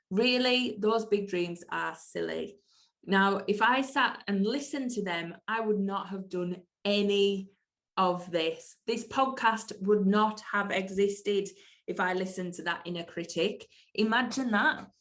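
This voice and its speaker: A woman hosting her own podcast, speaking in an earnest, emphatic motivational monologue and repeating key phrases for weight. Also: medium pitch. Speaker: podcast host.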